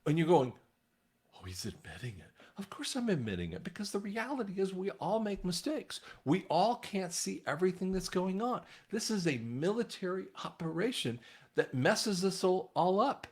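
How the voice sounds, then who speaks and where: A man talking casually to his viewers in a rambling monologue, often restarting his sentences. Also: normal speed. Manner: rambling, frequent restarts, animated swings in pitch. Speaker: online commentator.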